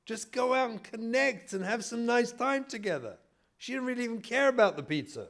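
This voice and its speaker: A man from Israel, a rabbi and family therapist, giving an animated lecture full of acted anecdotes. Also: very high voice, fairly quick, creaky. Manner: animated, storytelling, emphatic.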